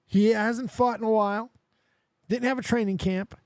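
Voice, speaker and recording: A man hosting a live stream, chatting casually and excitably as he reacts to clips. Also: high voice, normal speed, clear, resonant tone, dry recording, studio quality. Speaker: streamer and podcast host.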